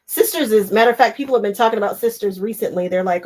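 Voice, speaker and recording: A woman's voice: medium pitch, fast, few pauses, darkish tone, a little hiss or hum, rough recording. A woman, hosting a casual crafting livestream, chatting to viewers while she sews and laughing often.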